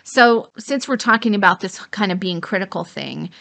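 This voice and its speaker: A woman's voice: medium pitch, lively intonation, moderate pace, creaky, pushed and bright. A middle-aged woman co-hosting a casual advice chat, walking through points one by one. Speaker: co-host.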